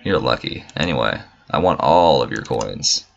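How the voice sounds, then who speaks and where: A man's voice: extremely low pitch, lively intonation, normal speed, gravelly, dull audio, slight background noise. A man giving casual, profane, joking let's play commentary and talking back to game characters. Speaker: gamer.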